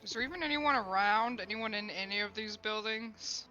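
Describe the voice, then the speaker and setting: A woman's voice: medium pitch, normal speed, bright, forceful tone, lo-fi sound, faint music behind. A woman playing a tabletop game, chiding another player. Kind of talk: casual tabletop play.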